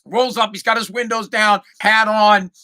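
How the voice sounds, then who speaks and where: A man, hosting a podcast and telling a profane, animated story with many restarts. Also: high voice, moderate pace. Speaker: podcast host. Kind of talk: casual storytelling monologue.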